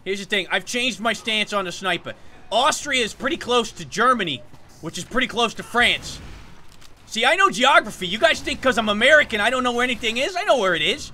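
A man's voice: very high voice, lively intonation, brisk, sharp tone, slight background noise, exaggerated voice. A man putting on the voice of Scout, a cocky young shooter-game runner, bragging and rambling in game voice chat. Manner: boastful, rambling, goofy. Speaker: streamer.

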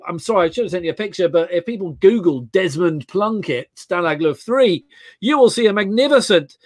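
High-voiced English man, rambling. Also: no echo, studio quality. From England. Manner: rambling, many restarts and fillers, animated storytelling. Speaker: guest historian. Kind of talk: casual video-call chat.

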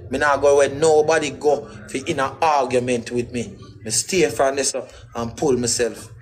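A man's voice: mid-range voice, fairly even intonation, normal speed, a little hiss or hum, low-quality recording. Emphatic man telling stories. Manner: rambling, emphatic, patois-heavy storytelling. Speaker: interview guest. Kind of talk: casual conversational interview.

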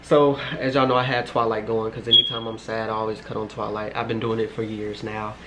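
A man's voice: fairly low pitch, level tone, a little fast, heavy background noise. Chatty young man rambling through a story. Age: 20s. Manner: chatty and rambling, heavy on fillers and swearing. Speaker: storytime vlogger. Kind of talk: casual storytelling to camera.

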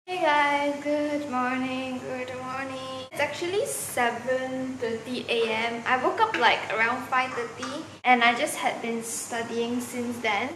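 A woman's voice: a little high, unhurried, few pauses, over music. Chatty young Malaysian woman vlogger. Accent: Malaysian English. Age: young adult. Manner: chatty, expressive storyteller with many "like" fillers. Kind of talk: casual vlog chat.

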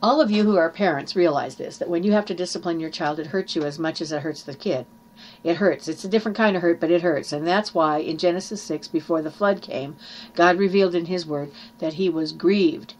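A woman's voice: on the low side, fairly quick, darkish tone, slight background noise. A woman preaching a sermon in an earnest teaching manner, reading scripture aloud and explaining it.

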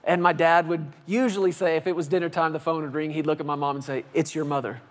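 A pastor in his thirties preaches with a high-pitched voice. He tells stories in an animated way, putting on exaggerated voices when he acts out phone calls. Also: quick pace. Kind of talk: sermon. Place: church sanctuary.

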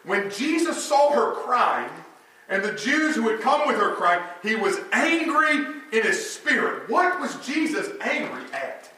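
A man preaching a sermon as pastor, asking rhetorical questions and dropping to a hushed voice for emphasis. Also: very high voice, big pitch swings, measured pace. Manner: preaching with rhetorical questions, sudden drops to a hush. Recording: echoey hall, voice from a distance, faint noise.

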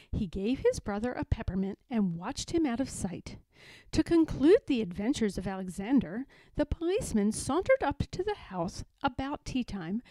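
A woman reading a children's story aloud with expressive, lively storytelling. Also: a little high, no echo.

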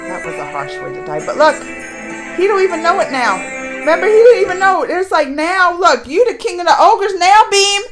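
High-voiced chatty woman reacting. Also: a little fast, faint music behind. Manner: animated, chatty, cheers at the screen. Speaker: reaction video host. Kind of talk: casual reaction commentary.

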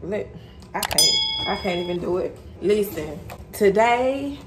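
A woman's voice: on the low side, measured pace, very noisy. A young woman vlogging at home, talking candidly and chattily to her viewers in a slangy, casual way. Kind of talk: casual chat to camera. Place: bedroom floor at home.

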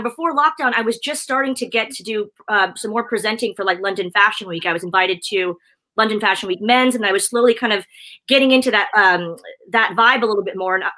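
A woman's voice: medium pitch, sharp tone. A woman presenter chatting effusively in a casual video interview, laughing often. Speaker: presenter and guest.

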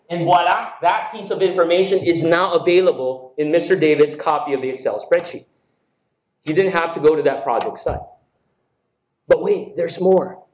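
A man from the Philippines giving a jokey, energetic conference keynote, calling the crowd friends. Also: a little high. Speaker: keynote speaker. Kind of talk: humorous conference keynote with live demo. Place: large conference hall. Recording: echoey hall from far off, dull.

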